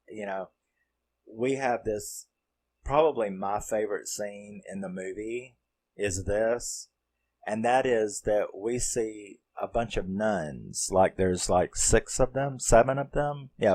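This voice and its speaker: A man's voice: lowish voice, a little mellow. A man casually retelling a horror comedy's plot, rambling and swearing as he acts out the characters' lines. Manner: rambling, profane, acts out quotes. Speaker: movie reviewer.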